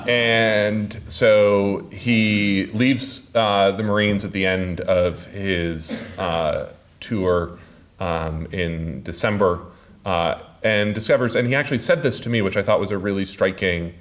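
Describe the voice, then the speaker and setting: A man giving a public talk as an author, speaking haltingly with many filler sounds. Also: lowish voice, fairly even intonation. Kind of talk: public lecture.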